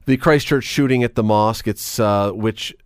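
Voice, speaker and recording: A man hosts a talk radio discussion in a fairly low voice. He talks in a chatty, animated way, full of quick asides. The studio sound is close and dry. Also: clean tone, dry recording. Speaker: radio show host. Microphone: studio microphone.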